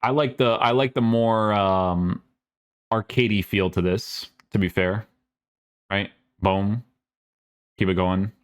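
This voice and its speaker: Male gamer host, deep voice, offhand sarcastic reactions while reading patch notes. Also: fairly even intonation, slow pace, pauses often, smooth. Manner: casual, sarcastic asides, many fillers. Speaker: gaming YouTuber.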